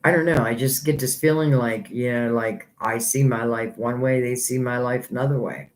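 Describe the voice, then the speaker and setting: Man, mid-pitched, tarot reader on a live stream, rambling and earnest. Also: fairly even intonation, normal speed. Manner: rambling, thinking aloud; earnest, a little hurt by critics.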